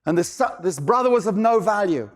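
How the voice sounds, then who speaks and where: A man preaching a sermon, animated, firing off rhetorical questions and acting out characters. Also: high voice, a little fast.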